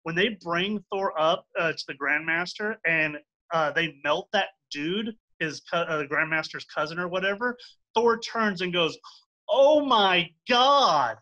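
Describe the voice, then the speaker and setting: Young man, heated geek debater, bright edgy tone, rants and swears. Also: a little high, normal speed, dull audio. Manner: ranting, swears, mocks with acted quotes. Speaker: debater defending a film.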